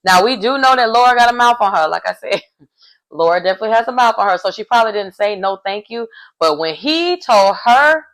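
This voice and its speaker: A young adult woman giving a casual, animated recap of a reality show. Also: a little high, fast talker, rough recording. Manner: chatty and animated, acting out quoted lines.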